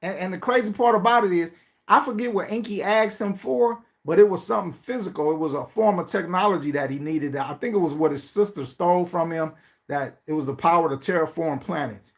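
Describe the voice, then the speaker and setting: A man's voice: high voice, a little fast. A man hosting a podcast, talking in a casual, profane monologue that swings between mocking pleading voices and blunt asides. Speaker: podcast host.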